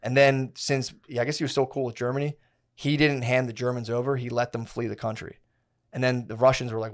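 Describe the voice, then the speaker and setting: A man's voice: mid-range voice, fairly even intonation, a little fast, a little mellow. A man on a podcast telling a long story in casual chat, rambling and slangy, with many restarts. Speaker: podcast co-host.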